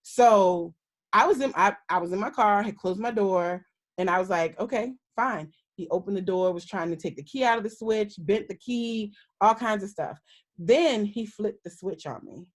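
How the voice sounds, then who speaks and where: A woman at a middle pitch tells a hard personal story candidly and earnestly. She acts out the quoted lines of the people in it as she goes, speaking as a guest in a conversational interview. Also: moderate pace. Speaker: guest, minister.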